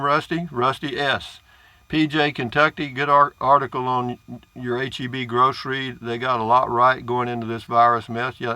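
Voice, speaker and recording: Older man, bright tone, dry close sound, folksy and rambling. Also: medium pitch, no room sound. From Central Texas. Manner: folksy, rambling, chuckles at his own jokes. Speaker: vlogger reading viewer comments. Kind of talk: casual chat to camera.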